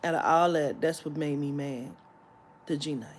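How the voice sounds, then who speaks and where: A woman's voice: sits low, normal speed, a little hiss or hum. A woman vlogger telling a story in a heated, profane rant that breaks into laughter.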